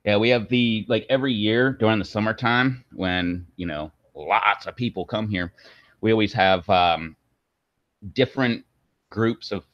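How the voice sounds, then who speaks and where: A man's voice: a little slow, dry recording. A man hosting his video channel, chatting casually and rambling with lots of fillers. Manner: rambling, filler-heavy, jokey. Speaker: channel host. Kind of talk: casual chat on a video stream. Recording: dull, dry low-fidelity audio.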